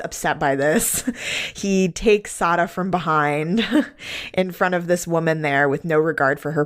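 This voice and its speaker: A woman hosting a podcast, casually recapping a film and laughing often as she talks. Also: low-pitched. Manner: laughs often while recapping, relaxed drawn-out phrasing. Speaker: podcast host.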